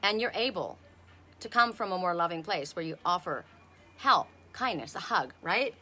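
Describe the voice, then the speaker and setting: A woman's voice: fairly low pitch, animated, normal speed, pushed and bright, soft background music. A woman reading oracle cards on a casual live stream outdoors, talking bluntly and swearing freely. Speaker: oracle card reader.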